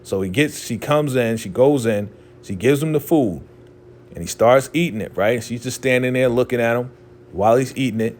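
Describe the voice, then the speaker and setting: A man hosting a casual show recap, telling the story in an animated way and acting out quotes. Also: medium pitch, normal speed.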